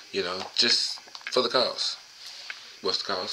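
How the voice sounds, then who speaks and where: A man's voice: deep voice, expressive, normal speed, noisy background. A man hosting a solo show, reading a book aloud and breaking off into profane, rambling, emphatic rants in a casual monologue.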